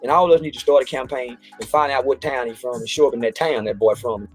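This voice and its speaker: A man's voice: medium pitch, fast talker, slightly rough, faint music behind. A man ranting in a preachy, sermon-like cadence, repeating his phrases, with slangy informal speech. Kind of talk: fast preachy rant.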